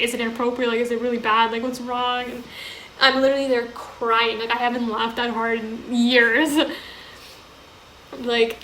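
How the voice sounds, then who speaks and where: A young woman with a rather high, slightly bright voice co-hosts a podcast, laughing her way through a story in casual chat packed with "like." The recording has a roomy echo and faint hiss.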